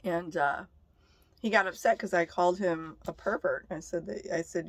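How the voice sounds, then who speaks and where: A woman's voice: on the low side, normal speed, no room sound. A young woman vlogger telling stories to the camera in a blunt, profane, casual way. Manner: blunt and profane, laughing between remarks.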